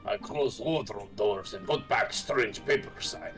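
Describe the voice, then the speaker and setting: A man reading aloud as a killer confessing in halting, clipped broken English, voicing game dialogue on a stream. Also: fairly low pitch, natural voice. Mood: flat confession. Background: game music.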